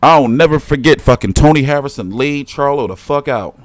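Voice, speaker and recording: A man's voice: mid-range voice, expressive, moderate pace, no echo. A man hosting a boxing talk stream, swearing a lot and rambling as he reacts to clips and talks back to his viewers. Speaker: boxing commentary host. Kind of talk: casual reaction commentary.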